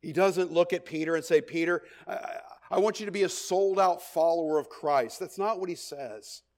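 Middle-aged guy preaching, fairly high voice, punchy and emphatic, repeats lines and keeps asking right?. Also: normal speed, darkish tone. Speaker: pastor. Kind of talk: sermon.

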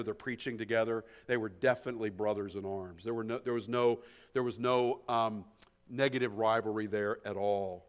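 A man preaching an expository sermon, emphatic, swinging between hushed asides and loud stresses, often repeating words as he thinks. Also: mid-range voice. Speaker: pastor.

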